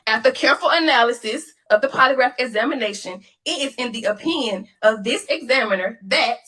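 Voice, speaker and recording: A woman's voice: on the high side, expressive, a little fast, fairly bright tone. A woman vlogger talking straight to camera, emphatic and repeating phrases for effect. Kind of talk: direct-to-camera rant. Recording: echoey room, distant mic.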